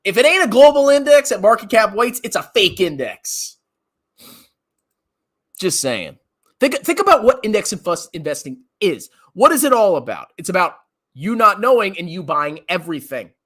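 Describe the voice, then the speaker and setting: A man's voice: high-pitched, very animated, normal speed, a bit bright. A man ranting as a finance commentator on a livestream, mocking and laughing often while answering chat questions.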